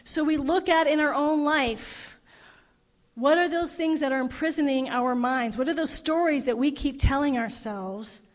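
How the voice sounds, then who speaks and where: Middle-aged woman minister, slightly high voice, heartfelt storytelling sermon, long hall reverb. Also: moderate pace. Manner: emotive, retelling a story with quoted voices. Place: parish hall.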